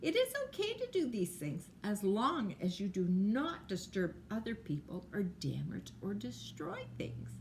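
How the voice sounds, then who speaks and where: An older woman reading a children's picture book at bedtime, slow and gentle, explaining things to small children. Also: medium pitch, huge pitch swings, a little hiss or hum.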